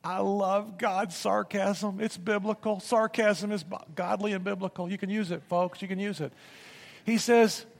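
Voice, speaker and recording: A pastor delivers a sermon in a high voice that reaches above most men's. He reads scripture dramatically and climbs to loud, forceful bursts. His voice trails off in the long reverb of a large church sanctuary. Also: fairly even intonation, moderate pace, creaky, hardly any pauses.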